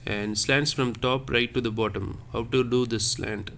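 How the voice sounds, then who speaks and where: A man's voice: mid-range voice, fairly even intonation, normal speed, creaky, fairly bright tone, slight background noise. A man teaching a lesson on French accents, explaining patiently and repeating each point step by step.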